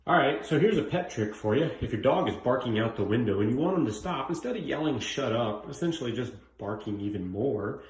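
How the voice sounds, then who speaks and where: A man's voice: mid-range voice, darkish tone, roomy sound, rough recording. A man casually giving a pet training tip to camera in an offhand, chatty way.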